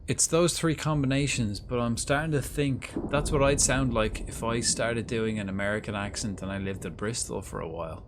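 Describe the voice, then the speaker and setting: A male livestreamer rambling through casual commentary while he plays. He chats loosely, thinking aloud and restarting his sentences. His voice sits at an ordinary middle pitch. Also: normal speed, few pauses, noisy background. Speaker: livestreamer playing a game.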